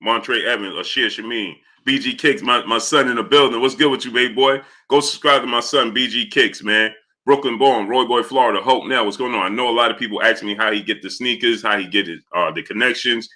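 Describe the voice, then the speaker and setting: Speaking a little fast in a pushed, bright mid-range voice, this man runs a casual live stream. He works through his point and greets chat viewers by name along the way.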